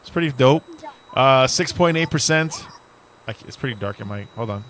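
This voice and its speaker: A man of middle pitch co-hosts a podcast from a dim room. He rambles and jokes in a loose, casual way and swears freely, with faint background noise behind him. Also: lively intonation, normal speed, fairly bright tone. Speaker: podcast co-host. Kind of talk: casual chat.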